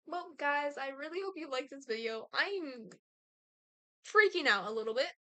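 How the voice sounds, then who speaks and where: A woman vlogger reacting to a game in casual chat. She gets excitable, shrieks and swears. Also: high-pitched, moderate pace, no echo.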